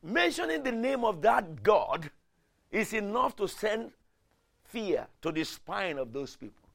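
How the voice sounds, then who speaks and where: Dramatic preacher man with a gravelly voice. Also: high voice, big pitch swings, a little slow. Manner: dramatic preaching, swinging from hushed to shouting. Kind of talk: sermon.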